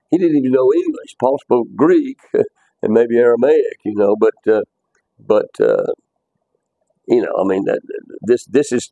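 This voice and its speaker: A man's voice: medium pitch, mellow, no room sound, rough recording. A man teaching a bible class, talking conversationally, repeating himself and quizzing his students.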